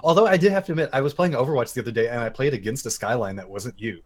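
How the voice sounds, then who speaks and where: Male esports caster, rapid, upbeat, hype-driven. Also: mid-range voice, a little mellow. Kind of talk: casual esports casting chat.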